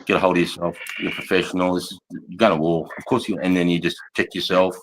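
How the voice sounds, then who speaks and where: A forties-aged Aussie ex-soldier talks fast in a low, flat voice against a noisy background. He rambles through war stories in a casual storytelling chat, cursing heavily and laughing often.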